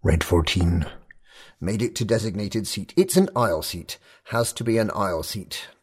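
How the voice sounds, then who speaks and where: Tense, husky male storyteller. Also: fairly low pitch, moderate pace. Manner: clipped, tense, fragmentary. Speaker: narrator. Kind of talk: first-person present-tense audio fiction.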